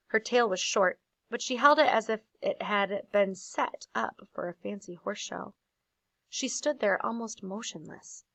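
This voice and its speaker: A woman reading a children's novel aloud, soft and often dropping near a whisper. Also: medium pitch, vocal fry, dry recording. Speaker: storyteller.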